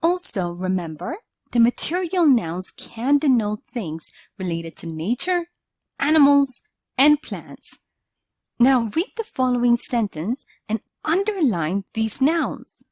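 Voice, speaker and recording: A woman narrating a scripted grammar lesson, explaining slowly and deliberately and reading out example sentences. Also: fairly high pitch, big pitch swings, a little mellow, dry recording. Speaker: English teacher.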